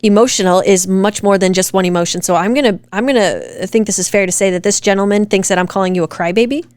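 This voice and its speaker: A woman's voice: medium pitch, fast talker, darkish tone, dry recording. A woman co-hosting a casual chat, reacting to comments in a blunt, fired-up way and swearing freely. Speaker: podcast co-host.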